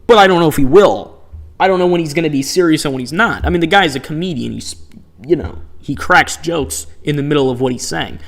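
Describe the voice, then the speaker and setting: A man's voice: fairly high pitch, fairly quick, gravelly. A man streaming live gameplay, chatting and reacting with incredulous, laughing asides.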